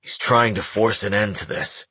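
Male reader voicing a grave young crime-clan boss, low and husky, audiobook. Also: fairly even intonation, moderate pace, pushed and bright, no echo. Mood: grave, stern. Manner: firm, somber.

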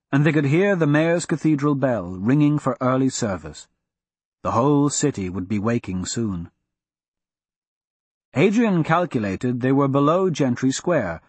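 A man reads a fantasy audiobook in a steady, measured way. His mid-pitched voice is husky, and the recording sounds close and dry. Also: no echo. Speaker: audiobook narrator. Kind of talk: scripted fantasy narration.

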